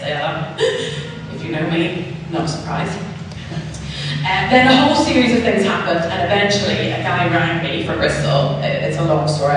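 A woman's voice: on the low side, slight background noise. A woman giving a chatty personal testimony as a preacher, telling her story and acting out the voices of others. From Northern Ireland. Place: church hall. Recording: echoey hall, mic far off.

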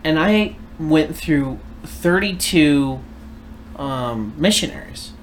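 A man's voice: fairly high pitch, lively intonation, takes it slowly, slight background noise. A man in casual podcast chat, earnestly recounting a personal search and questioning things.

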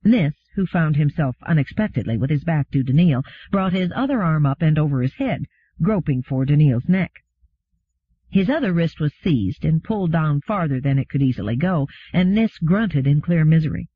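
A man narrating an audiobook in a steady, even reading. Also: a little high, normal speed, slightly rough, no echo. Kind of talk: scripted narration. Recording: phone-like narrow sound.

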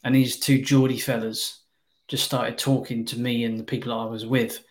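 A man's voice: mid-range voice, level tone, moderate pace. A British man in casual film chat, blunt and swearing freely.

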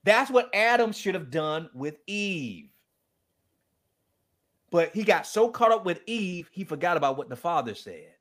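A man speaking as a guest, telling a story in a lively, preacher-like way and acting out the quoted dialogue. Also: high voice, measured pace. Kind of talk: animated storytelling talk.

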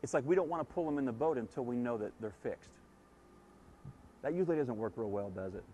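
A man's voice: medium pitch, expressive, quick pace, mellow, slight background noise. A man giving a conversational sermon as a guest speaker at a church service. He tells stories and asks his listeners questions.

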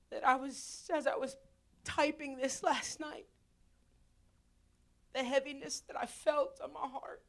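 A woman preacher with a very high voice delivers an emotional altar-call sermon in a church. She speaks slowly and deliberately, swinging from tearful, near-shouted pleas down to hushed whispers. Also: little pitch movement. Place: church sanctuary.

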